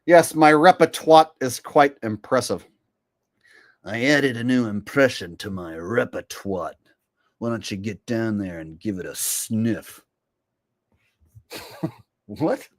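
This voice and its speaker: A man's voice: fairly low pitch, slow, pauses often, no echo, clean studio sound. A man hosting a live stream, joking and boasting as he reads out viewer chat. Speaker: streamer host.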